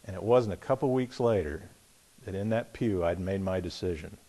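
A middle-aged man preaching a personal testimony, telling his story with swings from loud excitement to hushed quiet. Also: sits low, moderate pace. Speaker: pastor. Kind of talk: sermon testimony.

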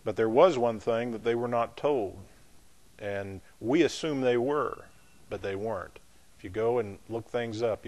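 A man's voice: lowish voice, darkish tone. Man casually teaching a Bible class. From not from the American South. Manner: conversational, with restarts and asides to the class.

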